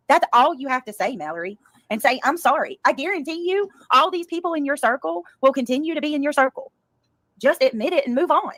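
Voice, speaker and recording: A woman's voice: high-pitched, animated, fairly quick, a bit bright, no room sound. A woman on a livestream defending herself in an indignant, profane rant that keeps circling back to the same points.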